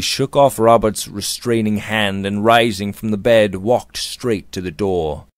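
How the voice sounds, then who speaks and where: Measured male audiobook narrator. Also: on the low side, smooth, no room sound, studio quality. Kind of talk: reading a Victorian serial novel aloud.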